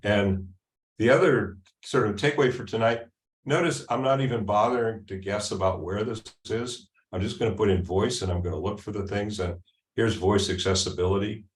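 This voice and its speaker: A man presenting at a user group meeting, walking through a software demo in a casual, halting way with ums and restarts. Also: on the low side. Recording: echoey room sound.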